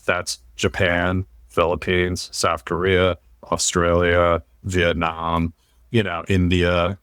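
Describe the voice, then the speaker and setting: Podcast host, American man, low voice, dry close sound, blunt and opinionated. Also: slow pace, clean tone, no room sound. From United States. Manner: blunt, swears, animated rants. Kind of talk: casual opinionated chat.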